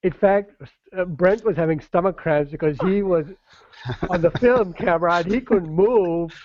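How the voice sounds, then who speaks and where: A man's voice: high-pitched, normal speed, darkish tone, no echo, lo-fi sound. A man photographer, a guest on a podcast, telling stories in a cheerful way and laughing. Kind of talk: casual interview chat.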